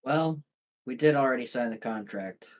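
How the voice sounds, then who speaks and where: A man playing a tabletop game, talking in a wry, measured, slightly hesitant way. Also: mid-range voice. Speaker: player. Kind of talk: casual tabletop play.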